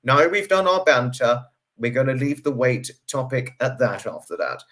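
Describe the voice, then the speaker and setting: A man hosts a relaxed livestream, talking through viewer comments in a chatty, rambling way. His voice sits at an ordinary middle pitch but jumps up high whenever he greets someone. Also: moderate pace. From United Kingdom. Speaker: livestream host. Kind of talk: casual livestream chat, reading out viewer comments.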